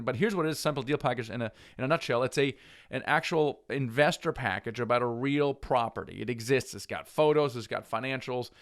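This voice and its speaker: A man teaching real estate investing straight to camera, persuasive and energetic, restarting phrases as he goes. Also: medium pitch. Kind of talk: direct-to-camera teaching talk.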